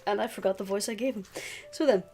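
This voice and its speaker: A woman running a tabletop game as game master, relaxed narration with frequent fillers. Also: medium pitch, fast talker.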